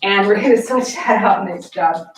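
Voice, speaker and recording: A woman's voice: mid-range voice, animated, moderate pace, a little hiss or hum. A woman leading a barre workout class, out of breath from exercising and counting reps aloud with short encouraging cues. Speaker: barre fitness instructor. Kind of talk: guided workout class cueing. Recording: echoey room, distant mic, faint background music.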